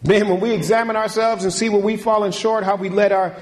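Male preacher, slightly high voice, folksy call-and-response delivery that rises and drops sharply. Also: steady tone, fairly quick. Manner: swings from loud, high preaching to quiet, low talk. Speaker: pastor. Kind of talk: sermon.

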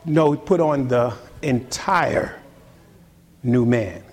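A man preaching a sermon as pastor, animated and often repeating words as he builds his point, in a church. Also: mid-range voice, extremely slow.

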